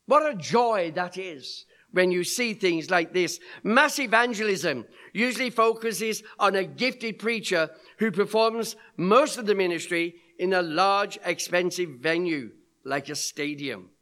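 A man's voice: high voice, unhurried, few pauses, a bit bright. A man preaching a sermon, telling a story earnestly and lifting his emphasis as he goes.

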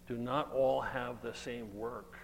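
A man's voice: medium pitch, fairly even intonation, slow, vocal fry. A man preaching an earnest, emphatic sermon and reading scripture aloud. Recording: long hall reverb, faint hum.

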